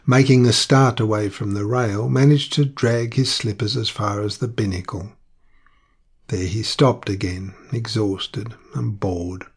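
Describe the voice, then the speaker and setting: Brief: male audiobook narrator, low and steady, measured delivery. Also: slightly rough.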